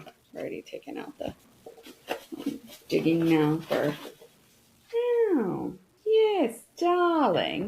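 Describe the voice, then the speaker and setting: Middle-aged woman host for an unboxing chat: unhurried, chatty, talks straight to viewers. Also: on the low side, vocal fry, a little mellow, slight background noise, low-quality recording. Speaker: host reviewing products.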